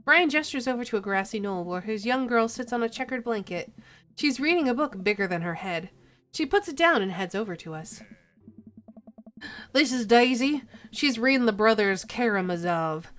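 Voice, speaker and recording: A woman's voice: on the high side, lively intonation, a little fast, fairly bright tone, faint music behind. A woman streamer playfully reading a dating game aloud and chatting with viewers.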